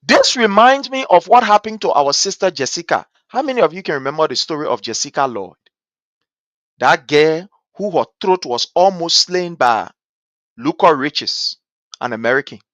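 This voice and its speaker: A man's voice: fairly high pitch, expressive, moderate pace, a bit bright, no echo, dull audio. A man from Liberia with a Liberian English accent, hosting a political talk show and giving impassioned commentary full of rhetorical questions and repeated points. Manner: rhetorical, repeats points, asks "guess what".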